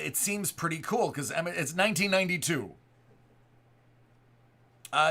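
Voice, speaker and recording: A man's voice: fairly high pitch, bright, forceful tone. A man in his forties from the Buffalo area, chatting casually and telling a story, with rambling restarts and quotes he acts out. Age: 40s. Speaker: card break host.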